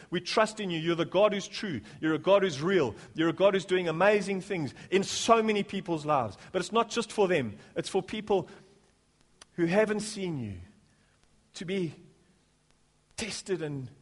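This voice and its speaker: Pastor, male, high-pitched; jokey banter building into fervent sermon. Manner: jokey, rising to fervent preaching. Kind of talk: sermon with prayer. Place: church.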